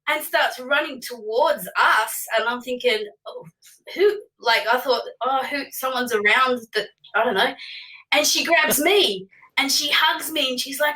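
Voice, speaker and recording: A woman, a singer, telling a casual anecdote in an animated way, acting out the voices in her quotes and often laughing. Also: high-pitched, normal speed, distant mic. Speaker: singer telling a gig story.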